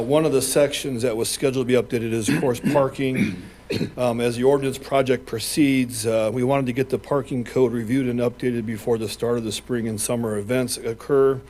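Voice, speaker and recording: Hombre, jefe de policía, voz monótona. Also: male voice, medium pitch, a little mellow, slight background noise. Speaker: police chief. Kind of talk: briefing a city council.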